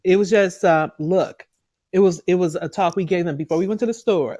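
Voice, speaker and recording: A woman's voice: on the low side, brisk, mellow, dry recording. A middle-aged woman co-hosting a casual talk show, telling a story hesitantly with many fillers. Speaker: podcast co-host. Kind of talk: casual chat.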